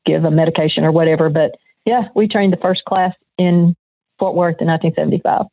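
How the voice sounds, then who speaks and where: An older woman, a retired nurse, reminisces calmly about her career as an interview guest. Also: sits low, brisk, no room sound. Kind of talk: conversational interview. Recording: tinny phone-like line.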